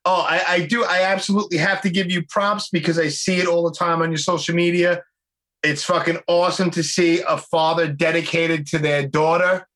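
A man with a bright, forceful voice and a slightly high pitch, talking in loose, casual interview chat. He swears constantly and gushes with enthusiasm as a podcast host. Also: little pitch movement, brisk, poor audio. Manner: profane, effusive and enthusiastic.

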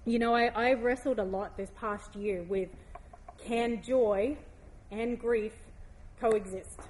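A woman giving a heartfelt devotional talk, reading scripture aloud slowly and gently. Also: a little high, slight background noise.

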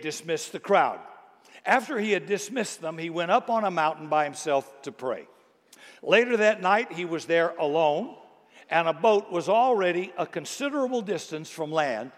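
Middle-aged male pastor, high-pitched, comic and animated sermon delivery, live in a reverberant church. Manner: jokey, animated storytelling with asides. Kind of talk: humorous sermon.

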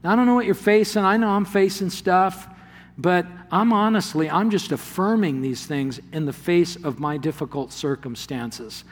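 A male pastor delivers a sermon with a slightly raised pitch, breaking into laughter as he acts out the story's voices. His words ring out through a large hall with a long reverb tail. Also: normal speed. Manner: animated, laughs often, plays the voices in the story.

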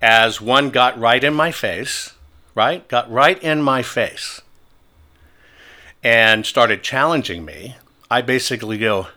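Guy hosting a talk show, sharp bright voice, goes on pushy rants. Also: mid-range voice, slow. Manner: forceful, taunting storytelling. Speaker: host.

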